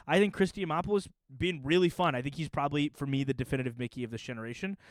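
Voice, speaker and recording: A man's voice: on the high side, racing, no echo. A young man telling stories in a casual, joking chat to camera as a puppeteer and YouTuber. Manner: animated, joking, storytelling.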